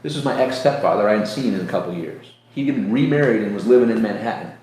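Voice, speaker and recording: A man's voice: lowish voice, fast, a little mellow, slight background noise. A man hosting a casual talk about faith, telling personal stories earnestly and acting out voices in quotes. He grew up in New York State. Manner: earnest storytelling with acted-out quotes. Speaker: host. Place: room near a beach. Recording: echoey room, faint ambience.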